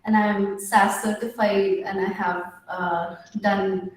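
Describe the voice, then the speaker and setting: A young woman pitching her startup, a bit nervous, with many filler pauses and restarts. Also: flat delivery. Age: young adult. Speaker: startup founder. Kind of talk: pitch at an online women entrepreneurs' meetup. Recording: very echoey room.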